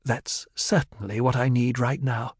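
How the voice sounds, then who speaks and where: A man's voice: medium pitch, fairly even intonation, measured pace, slightly rough, no room sound, clean studio sound. A man voicing a proud, defiant young noblewoman in an audiobook reading. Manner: defiant, flaring.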